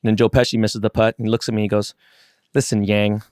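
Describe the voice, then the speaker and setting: A podcast co-host tells a story in a rapid-fire, fairly low voice that is clear and resonant. He's animated and profane, swearing a lot and acting out quotes. The sound is studio quality with no room noise.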